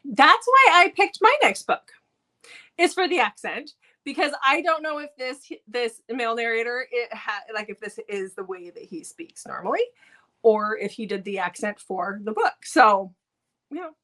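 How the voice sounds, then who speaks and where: An American woman talks about audiobooks in a casual, enthusiastic way, with lots of "um"s and restarts. Her voice sits a little high and sounds very bright and forward. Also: expressive, normal speed. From United States. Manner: enthusiastic, chatty with fillers. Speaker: book reviewer co-host. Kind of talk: casual chat. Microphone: live stream mic.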